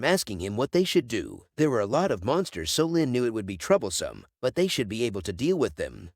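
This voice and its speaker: A man reading a scripted story recap as narrator, in a steady, even storytelling manner. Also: medium pitch, no echo, studio quality.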